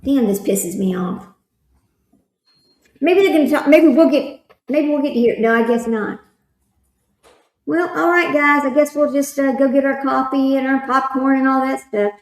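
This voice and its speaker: A chatty woman talks casually to her stream audience, wandering from one thought to the next. Her voice sits a little higher than most. The room around her has a noticeable echo. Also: fairly even intonation, normal speed. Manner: rambling, chatty, reads chat comments aloud. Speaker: livestream host commenting on a trial. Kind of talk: casual chat with live chat readers.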